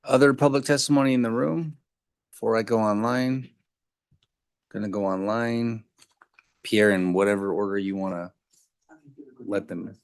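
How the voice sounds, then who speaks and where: A man chairing a legislative committee hearing, calling on speakers in a brisk, procedural way. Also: on the low side, steady tone, dry recording, studio quality.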